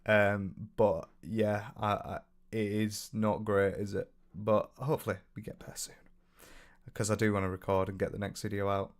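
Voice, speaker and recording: A young man talks on a live stream from his room. His voice sits a little low and comes out hoarse from a sore throat. He rambles loosely, swears freely, and fills his pauses with ums while he reads out viewer comments. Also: completely flat delivery. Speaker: livestreamer. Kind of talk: casual live stream chat, reading viewer comments aloud.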